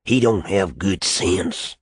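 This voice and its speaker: A man's voice: sits low, slow pace, husky, dry recording, clean studio sound, heavily acted. A man voicing a fierce old backwoods prophet. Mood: urgent. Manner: hollering, rural drawl, zealous.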